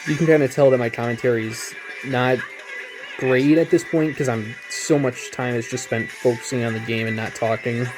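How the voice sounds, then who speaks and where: A man's voice: medium pitch, fairly even intonation, normal speed, over music. Rambling, self-mocking young man. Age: 20s. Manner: rambling, self-deprecating, chuckling. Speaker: YouTuber reacting to his old videos. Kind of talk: casual gaming commentary.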